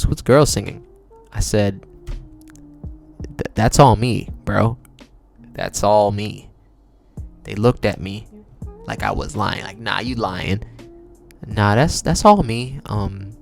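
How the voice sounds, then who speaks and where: A man's voice: fairly low pitch, vocal fry. A man hosting his own podcast, talking in a laid-back, chatty way with slang and frequent laughs. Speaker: podcast host and singer. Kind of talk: casual solo podcast monologue.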